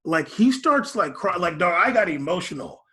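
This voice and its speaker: Man, podcast co-host, slightly high husky voice, loose rambling casual delivery. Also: big pitch swings, moderate pace, bright, forceful tone. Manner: rambling, full of fillers and restarts.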